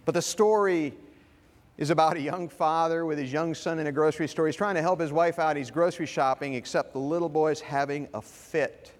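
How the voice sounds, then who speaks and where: A man's voice: fairly high pitch, brisk. A man giving a Father's Day sermon, earnest and storytelling. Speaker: guest speaker. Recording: reverberant hall.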